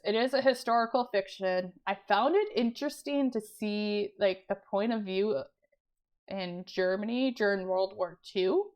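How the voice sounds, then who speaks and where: A young woman chatting casually about books she has read, laughing often and clearing her throat as she loses her voice. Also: medium pitch. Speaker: book vlogger. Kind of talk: casual book review chat.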